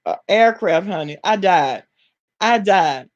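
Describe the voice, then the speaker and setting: A woman's voice: lowish voice, animated, slow pace, dull audio. Sassy Southern woman gossiping to chat. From Alabama. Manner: sassy, talks straight to chat, laughs often. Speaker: vlogger reading live chat. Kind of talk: casual live-stream gossip.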